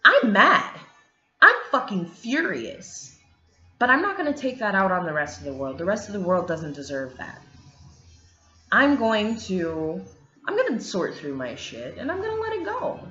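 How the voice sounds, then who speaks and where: A woman's voice: fairly low pitch, big pitch swings, normal speed. A woman vlogging candidly about single parenthood, blunt, swearing freely and speaking with emphasis. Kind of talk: candid casual monologue. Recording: echoey room, dull lo-fi sound, faint music.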